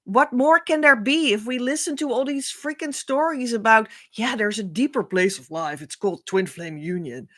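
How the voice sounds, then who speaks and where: A woman giving a heartfelt spiritual talk, earnest and rambling, often breaking into soft laughter. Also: on the high side, normal speed, few pauses. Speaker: spiritual teacher.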